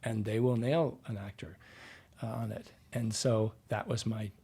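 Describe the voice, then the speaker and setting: A man's voice: fairly low pitch, steady tone, unhurried, mellow, slightly rough. Man explaining his craft. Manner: explanatory, checks in with "right?". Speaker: dialect coach guest. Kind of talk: podcast interview.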